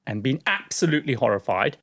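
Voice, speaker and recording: A man's voice: medium pitch, expressive, fast talker, a bit bright, no echo, studio quality. A man co-hosting a podcast, telling a story in a casual, chatty way with lots of fillers and laughs. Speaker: podcast co-host.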